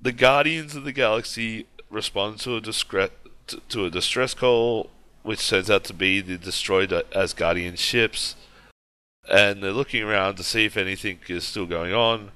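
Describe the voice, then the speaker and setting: A man's voice: fairly low pitch, normal speed, bright, forceful tone, smooth, no echo. A man co-hosting a podcast, casually recapping a film scene by scene with frequent restarts. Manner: recaps plot at length with frequent restarts and laughs. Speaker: podcast co-host. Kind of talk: casual movie recap chat.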